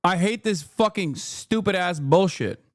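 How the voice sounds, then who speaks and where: A man streaming political commentary, ranting loudly with profanity and breaking into laughter. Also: high voice, lively intonation, unhurried. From United States. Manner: loud, profane, rants then laughs. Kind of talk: livestream commentary.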